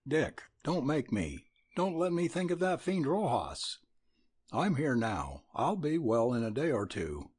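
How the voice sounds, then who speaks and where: A man's voice: mid-range voice, very animated, measured pace, darkish tone, husky. A man reading an audiobook, voicing a weak, earnest young male cavalryman in a raised, strained voice.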